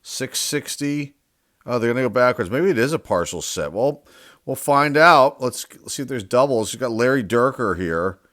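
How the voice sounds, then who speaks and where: A man's voice: medium pitch, expressive, moderate pace, a bit bright, no room sound, clean studio sound. A man, a sports card collector, chatting casually and unsure of himself as he opens a box of cards, thinking aloud and reading off player names. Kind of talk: casual card-opening commentary.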